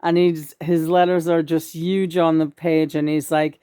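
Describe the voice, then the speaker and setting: A woman with a low voice chats casually as a co-host. She talks frankly and swears freely, restarting and trailing off as she rambles. The sound is close and dry. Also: little pitch movement, unhurried, warm tone, clean tone, no echo. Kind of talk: casual chat.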